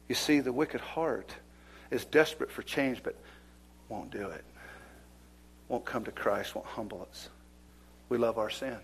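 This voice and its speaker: A man preaching a fiery sermon in church, swinging between loud emphatic declarations and hushed whispers. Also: mid-range voice, expressive, measured pace, pauses often, husky. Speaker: pastor. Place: church service.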